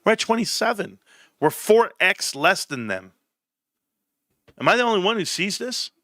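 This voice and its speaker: Man, livestream host, animated, rambling, bright tone, dry close mic. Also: high voice, moderate pace, no room sound. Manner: animated, rambling, swears casually. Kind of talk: casual livestream chat. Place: home.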